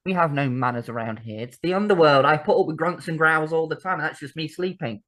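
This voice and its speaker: A woman's voice: low voice, fast talker. A woman co-hosting a podcast, chatty and sweary in casual talk. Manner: chatty and sweary, laughs often. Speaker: podcast co-host. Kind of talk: casual chat.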